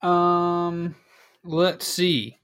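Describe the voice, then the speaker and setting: A man running a tabletop game, narrating combat in a loose, casual way. His voice is bright and forward, and the recording is dry with no room sound. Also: sits high, little pitch movement, extremely slow, clean tone, no echo. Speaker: game master.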